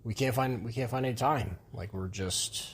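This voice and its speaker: A man's voice: mid-range voice, normal speed, slightly rough. A man, co-hosting a casual podcast, frank and rambling, with some swearing. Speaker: podcast co-host. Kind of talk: casual couple's podcast chat.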